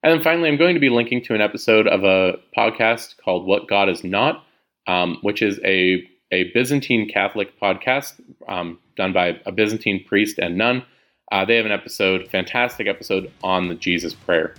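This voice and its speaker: A man hosting a podcast, explaining a prayer practice in a relaxed, conversational teaching style with frequent fillers and restarts. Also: lowish voice, moderate pace. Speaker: podcast host.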